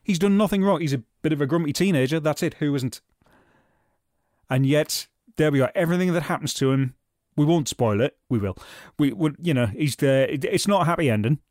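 A man's voice: on the high side, a little fast, a little mellow, dry recording. A British man co-hosting a podcast, reviewing a TV episode in casual chat with dry, wry humour. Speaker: podcast co-host.

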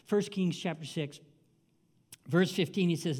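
Pastor, 70s, male, high-pitched, chatty and exclamatory from the pulpit. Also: a little slow, pauses often, mellow, slightly rough. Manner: exclamatory, conversational preaching with asides. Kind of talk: sermon.

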